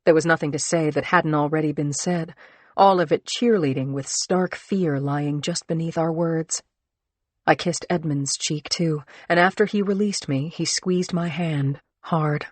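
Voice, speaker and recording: A woman narrating a crime thriller audiobook in the first person, measured and earnest. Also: low-pitched, a little mellow, no echo.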